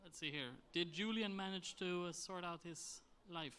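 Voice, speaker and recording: A man hosting a convention stage event, calling up presenters in a relaxed, joking way. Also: high voice, moderate pace, clean tone. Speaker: event host.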